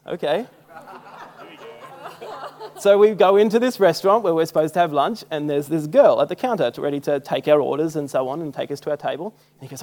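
A man's voice: on the high side, fairly quick, a little mellow. Self-mocking Australian man preaching. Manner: casual, self-mocking storyteller who acts out quotes. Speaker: church speaker. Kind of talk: sermon with personal stories.

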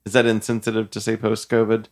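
A young man from Illinois co-hosting a podcast, talking casually with many pauses and self-corrections. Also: fairly low pitch, completely flat delivery, gravelly, darkish tone. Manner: halting, self-correcting, chuckles often. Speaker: podcast co-host and musician. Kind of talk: casual chat.

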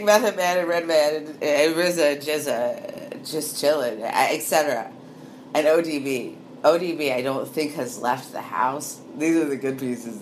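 Low-voiced woman rambling casually. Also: a little hiss or hum. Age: 30s. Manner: loose, meandering, laughs often, trails off. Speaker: monologue speaker.

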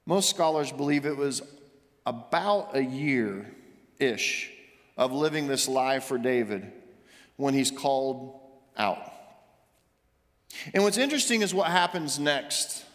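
A male pastor delivering a sermon, rising to emphatic questions and dropping soft and low for confession. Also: lively intonation, takes it slowly, long pauses. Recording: long reverb of a large hall.

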